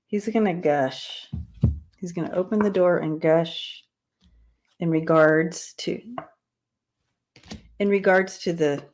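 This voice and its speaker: A woman chats with her livestream viewers in an unhurried, low-pitched voice. She laughs easily and keeps stumbling over long words, repeating them until she gets them right. It sounds like a casual webcam stream. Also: a little mellow. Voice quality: dyslexia, repeats hard words. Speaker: livestream tarot reader.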